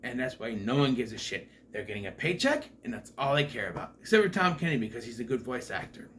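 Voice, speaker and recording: A man's voice: medium pitch, sing-song, fast talker, a bit bright, a little hiss or hum. A man giving a casual movie review in a sarcastic, profane, exasperated way.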